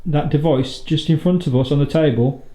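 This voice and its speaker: A skeptical man talks through a ghost hunt in a mellow, relaxed voice. He is blunt and swears without a second thought. His voice bounces around the echoey walls of an underground bunker. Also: a little high, moderate pace. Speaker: paranormal investigator, lead of the team. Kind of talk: casual chat during a ghost hunt.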